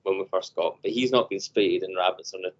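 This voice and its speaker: A man co-hosting a podcast over a video call, telling animated stories and acting out voices. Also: deep voice, quick pace, dull audio. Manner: animated storyteller, acts out voices. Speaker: podcast co-host. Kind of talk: casual chat.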